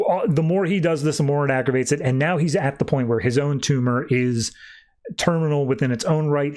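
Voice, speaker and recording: A man talks through a comic's plot as a podcast host, in a relaxed and chatty manner. His voice sits at an ordinary middle pitch, and he keeps dropping "like" as he retells the story. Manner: chatty retelling, often says "like". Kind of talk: casual comic book recap.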